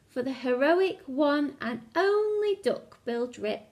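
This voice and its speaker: A woman teacher reads a children's picture book aloud in a high voice. She takes her time and reads expressively, sometimes pausing to ask the children questions. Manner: expressive, asks the listeners questions.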